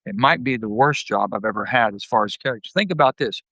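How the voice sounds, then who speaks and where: An older man, a guest telling blunt, folksy stories and acting out his anecdotes with lively jumps in pitch. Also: quick pace, dry recording, low-quality recording. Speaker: guest, former senator. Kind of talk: candid storytelling interview.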